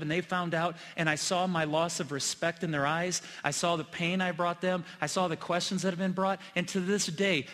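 A middle-aged male pastor with a fairly high, bright, forceful voice preaches a sermon. He tells personal stories earnestly, rising to loud emphasis and dropping to hushed, quiet lines. His voice rings through a church sanctuary with a long reverb.

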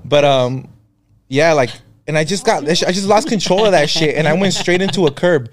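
A man's voice: fairly high pitch, moderate pace, a crowd in the background. Young man rambling through a story. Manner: relaxed, profane, rambling with fillers. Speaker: podcast co-host. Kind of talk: casual chat, storytelling.

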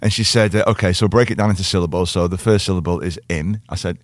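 A man with a Liverpool accent telling an animated story as a guest and acting out the quotes in other voices. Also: low-pitched, rapid-fire, dry recording, studio quality. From Liverpool, England. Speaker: actor guest. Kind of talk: casual chat, storytelling.

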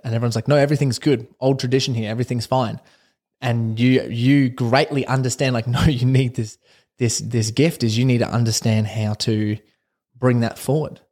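Man, personal development coach hosting his own podcast; excitable, rambling delivery with a mid-range voice. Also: medium pitch. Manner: excitable and rambling, with frequent restarts and laughs. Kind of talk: casual solo podcast monologue.

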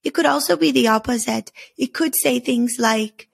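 Earnest woman with a gravelly, husky voice. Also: on the high side. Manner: earnest, measured, slow deliberate emphasis. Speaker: podcast host teaching on story symbols. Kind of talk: reflective spoken teaching.

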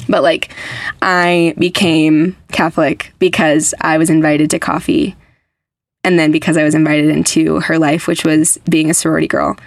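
A woman's voice: deep voice, flat delivery, normal speed, vocal fry, no echo. A young adult woman hosting a podcast, chatting casually and emphatically with lots of "like" fillers. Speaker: podcast host. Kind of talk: casual faith podcast chat.

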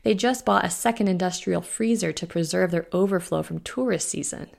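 A woman's voice: lowish voice, fairly quick, vocal fry, darkish tone. A woman voicing a young witch who speaks earnestly with a wavering voice.

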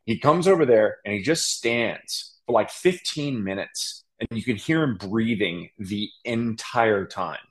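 Young guy telling a hunting story, lowish voice, gets animated and does little voices. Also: unhurried, hardly any pauses. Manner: animated, laughing, acts out quotes. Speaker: podcast guest. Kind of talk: casual storytelling.

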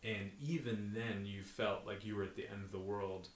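A man chatting casually, enthusiastic and quick to laugh, talking in bursts. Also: lowish voice, fairly even intonation, reverberant. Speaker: conversation partner. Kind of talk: casual chat.

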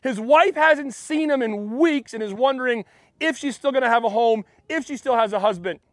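A man pastor preaching in an animated, conversational way, often restarting his sentences. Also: very high-pitched, moderate pace, dry recording, clean studio sound. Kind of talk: sermon.

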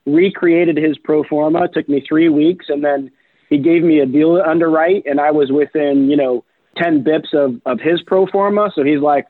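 A man's voice: fairly high pitch, normal speed, no echo. Chatty man on a tinny phone line. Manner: chatty, animated, many fillers like "you know" and "right". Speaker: guest, real estate investor. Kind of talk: casual interview storytelling.

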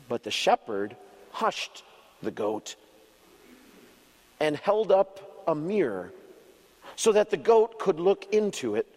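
A man preaching a children's sermon as an expressive storyteller who uses dramatic pauses. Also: on the high side, long reverb tail. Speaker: pastor.

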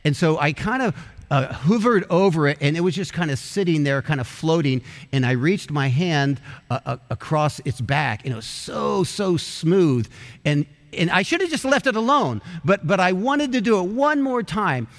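Storytelling preacher in a reverberant sanctuary. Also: male voice, a little high, animated. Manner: storytelling preacher, shifting between quick asides and slow emphatic phrases. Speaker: pastor. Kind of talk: sermon.

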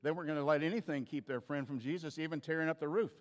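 A man's voice: on the high side, very fast, long reverb tail. A man preaching a sermon as a pastor, telling stories in a conversational way with frequent restarts.

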